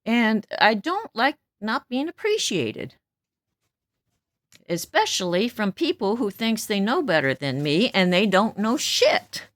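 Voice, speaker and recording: A woman's voice: medium pitch, big pitch swings, slow pace, dry recording, clean studio sound. Blunt, stern woman in her seventies. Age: 70s. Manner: blunt, stern and outspoken, laughs between remarks. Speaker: vlogger. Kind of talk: casual venting monologue.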